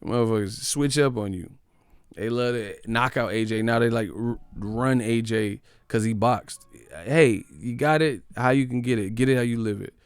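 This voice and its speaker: A man's voice: medium pitch, normal speed, smooth, dry recording, studio quality. A man hosting a live boxing stream, blunt and profane, answering questions from his chat. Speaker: boxing channel host.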